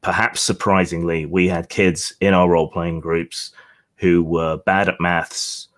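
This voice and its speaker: A man's voice: deep voice, flat delivery, a little slow. A man co-hosting a casual discussion over a video call, earnest and chuckling between his points. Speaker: co-host.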